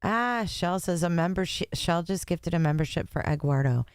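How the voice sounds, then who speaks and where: A woman's voice: fairly low pitch, lively intonation, moderate pace, clean tone, dry recording, clean studio sound. A woman hosting a casual livestream, chatting and joking with her viewers between court sessions. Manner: chatty, joking, talks to chat. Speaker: livestream host.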